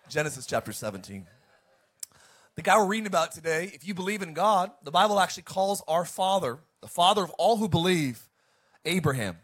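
A pastor preaches in a high, bright tenor. He jokes easily with his congregation and reads scripture aloud with real emphasis. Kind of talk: sermon.

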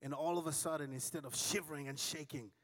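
A man preaching a sermon, telling dramatic stories and acting out the dialogue, with calls for the congregation to shout back. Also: fairly high pitch, steady tone, fast, long reverb tail. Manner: dramatic storytelling with big swings between shouting and hushed tones; acts out dialogue with audience call-and-response.

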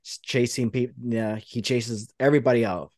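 A man's voice: medium pitch, steady tone, moderate pace, a little mellow, dry recording, clean studio sound. A man hosting a podcast, rambling through a play-by-play retelling in casual chat. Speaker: podcast host.

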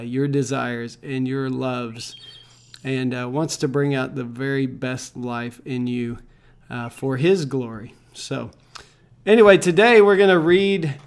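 A man leading a devotional Bible reading, calm and measured, pausing with fillers as he reflects. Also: mid-range voice, clean tone.

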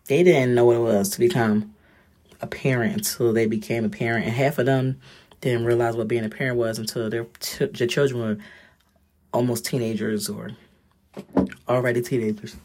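Blunt, husky woman. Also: a bass voice, steady tone, moderate pace, a little mellow. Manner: blunt, profane, direct. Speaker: vlogger. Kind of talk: casual monologue.

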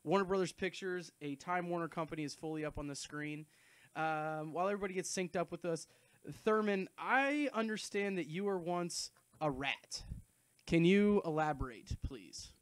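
A man in his thirties hosts a relaxed movie commentary chat, his voice sitting a little high. He jokes at his own expense and keeps the banter loose, and the sound is dry and close with no room around it. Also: normal speed, clean tone, no echo. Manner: playful, self-mocking, loose banter. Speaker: podcast host.

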